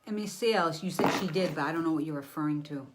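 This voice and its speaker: This psychic medium, a woman with a low pitch, talks fast during a live reading, and the recording is very noisy. She's blunt, animated and profane, using sound effects to act out scenes and addressing an invisible listener.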